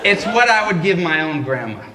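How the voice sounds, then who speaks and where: A man's voice: fairly high pitch, sing-song, normal speed, recorded from a distance, over a noisy crowd, very noisy. A man telling a comedic story on stage at a live event, wry and self-deprecating. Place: live event at a public library. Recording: echoey live room.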